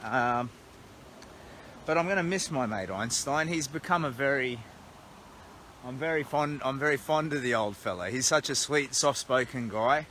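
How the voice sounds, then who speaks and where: An Australian-accented charity walker livestreams outdoors at night from a roadside motel, holding his phone at arm's length. His mid-range voice is pushed and bright at a normal speed, and he's rambling, chatty and self-deprecating, with slight background noise.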